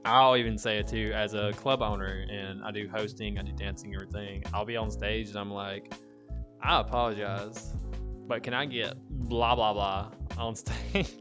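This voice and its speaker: A man's voice: on the low side, steady tone, brisk, hardly any pauses, fairly bright tone, soft background music. A man hosting a podcast, chatting casually with many fillers and frequent laughter. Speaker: podcast host. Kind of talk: casual chat.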